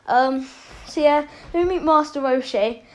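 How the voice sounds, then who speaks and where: A woman's voice: high-pitched, measured pace. A woman casually telling a made-up story as a channel host, rambling and correcting herself often. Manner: rambling, with many fillers and self-corrections.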